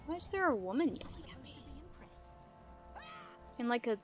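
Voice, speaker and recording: A woman giving casual gameplay commentary, playful and easily startled, laughing often and yelling at enemies. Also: fairly high pitch, sing-song, moderate pace, faint music behind. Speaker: gaming video creator.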